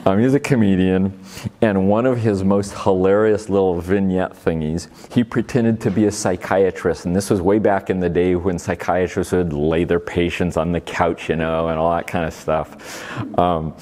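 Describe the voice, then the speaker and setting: Speaking at a faith-based recovery ministry event, this middle-aged Oregonian tells a live crowd homey stories with playful, folksy charm. He sits low in pitch with a darkish tone, keeping a steady delivery at a normal pace.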